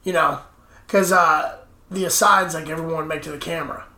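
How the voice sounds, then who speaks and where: A laid-back woman in casual podcast chat who is quick to push back. Her voice is bright with a gravelly fry, recorded in a roomy space. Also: low voice, fairly even intonation. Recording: echoey room.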